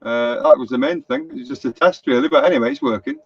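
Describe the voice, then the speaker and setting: Talking fast with vocal fry and huge swings in pitch, a slightly high-voiced motorhome vlogger from Lancashire, England, rambles on a live stream. He's chatty and anecdotal, reading out viewer comments, and the stream sounds dull, lo-fi, and dry.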